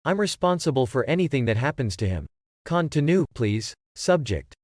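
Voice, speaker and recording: A man reading the lines of a calm male lab experimenter in a patient, matter-of-fact way. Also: medium pitch, moderate pace, no echo, studio quality, close to an everyday voice. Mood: level, insistent.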